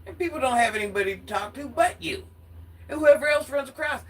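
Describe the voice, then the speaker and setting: Her voice sits high, a bit bright and a little fast, with lively intonation, as this older Atlanta woman rants casually on her vlog. The social media commentator is sassy and confrontational, laughing frequently.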